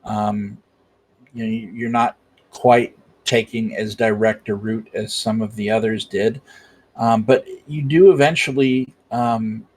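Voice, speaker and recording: A man narrating a tabletop role-playing game as game master, often pausing on fillers. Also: medium pitch, slightly rough. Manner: hesitant, many fillers.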